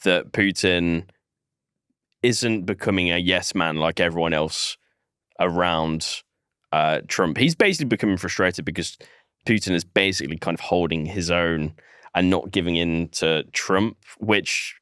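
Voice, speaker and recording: A man chats on a podcast in a laid-back, blunt manner, joking and swearing. His voice sits fairly low and sounds smooth and resonant in a dry, close recording. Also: a little slow, a bit bright, dry recording. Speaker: podcast co-host. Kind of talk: casual political podcast chat.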